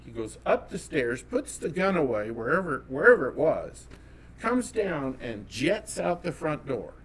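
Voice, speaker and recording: A man from California telling a personal story as an interview guest, animated and acting out the dialogue. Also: on the high side, a little slow, slight background noise. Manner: animated, acts out quoted dialogue.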